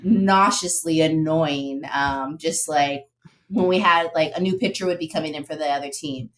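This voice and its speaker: A young woman with a notably low, steady voice talks as a podcast guest. She rambles in casual chat, filling gaps with "like" and "um" as she explains her work as an athletic trainer. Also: normal speed, rough recording. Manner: rambling, heavy on "like" and "um".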